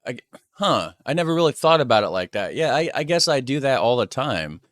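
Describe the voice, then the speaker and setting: American man, casual reaction talk, relaxed, chatty, dry close-miked sound. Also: medium pitch, fairly quick, no echo. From United States. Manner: relaxed, chatty, laughs often. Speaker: YouTube reactor.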